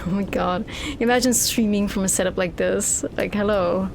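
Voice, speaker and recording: A young woman streaming a horror game, talking casually and excitedly to her chat and swearing often. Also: medium pitch, normal speed, vocal fry, noisy background. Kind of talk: casual gameplay commentary.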